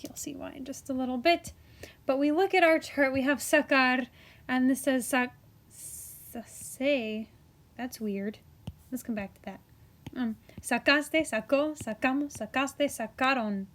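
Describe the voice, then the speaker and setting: A young woman teacher walks her class through a grammar chart, chatty and encouraging. Her voice sits a little high, and she talks at an unhurried pace, often trailing into soft whispered asides while she writes. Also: a little hiss or hum. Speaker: Spanish teacher. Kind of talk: classroom video lesson.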